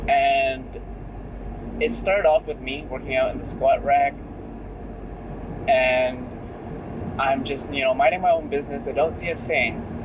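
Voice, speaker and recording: A man's voice: mid-range voice, fairly even intonation, measured pace, pauses often, noisy background. A young man talking candidly in a casual vlog while driving, full of "like" and "right?". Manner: chatty and candid, many fillers like "like" and "right?". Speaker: vlogger.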